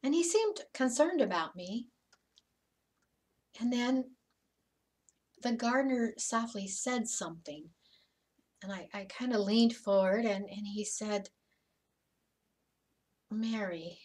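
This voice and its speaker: Woman as an awed woman disciple, slow emotional church monologue with faltering repeats and whispers, heard from off the mic. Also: a little high, animated. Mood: wondering. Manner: emotional, stammering repeats, sinking to soft whispers. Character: Mary Magdalene, woman disciple, joyful witness. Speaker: dramatic monologue in a church service. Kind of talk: first-person sermon monologue. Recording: voice from some distance off the mic.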